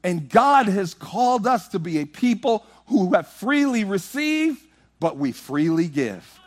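A man preaching a sermon, animated and rhythmic, moving from loud, half-sung exclamations to hushed storytelling. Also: sits high, a little slow.

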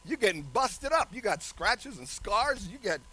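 A man preaching a lively sermon, laughing often and shouting some phrases. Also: high-pitched, a little slow, slightly rough.

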